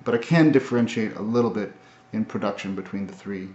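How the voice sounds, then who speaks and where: A man recapping his language studies in a casual video, talking in a halting, thoughtful way with many fillers and restarts. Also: on the low side, darkish tone. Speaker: language learner. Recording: roomy, dull lo-fi audio.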